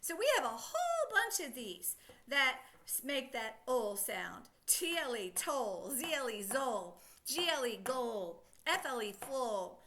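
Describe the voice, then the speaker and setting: A high-voiced woman teaching a children's phonics lesson, her pitch swinging up and down as she sounds out syllables slowly. She keeps the children involved with a steady run of encouraging questions, and her tone is clear and bright. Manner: encouraging, asks many questions.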